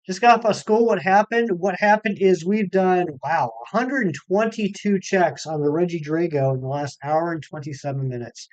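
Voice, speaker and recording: A man's voice: sits high, moderate pace, hardly any pauses, dry recording, dull audio. A man streaming a game live, chatting casually and reading viewer comments aloud. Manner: chatty, reads chat aloud, self-deprecating. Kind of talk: live stream chat while gaming.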